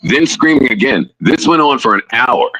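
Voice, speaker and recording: A male streamer reading a story aloud, lively, acting out the quoted voices. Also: medium pitch, moderate pace, breathy edge, low-quality recording.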